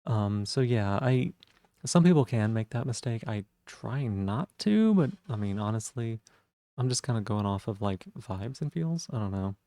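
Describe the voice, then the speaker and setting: A man with vocal fry, musing thoughtfully in casual live-stream chat. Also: on the low side, lively intonation, normal speed, warm tone, no room sound. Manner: thoughtful, musing, self-reflective.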